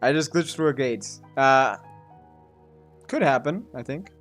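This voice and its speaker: A man's voice: medium pitch, lively intonation, measured pace, a bit bright, soft background music. A man streaming a video game, commenting casually in a rambling, joking way and laughing often.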